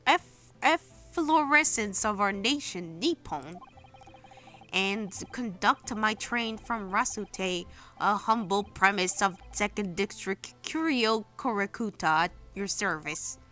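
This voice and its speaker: A woman voicing a pompous, long-winded old male antique dealer who speaks in slow, flowery phrases. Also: medium pitch, lively intonation, bright, forceful tone, faint music behind.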